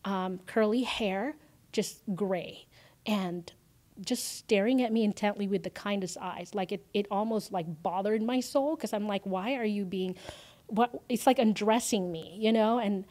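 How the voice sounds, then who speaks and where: A woman's voice: medium pitch, unhurried. A woman, a guest in an interview, telling an emotional personal story with many fillers and acted-out quotes. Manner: animated, lots of fillers, acts out quoted lines.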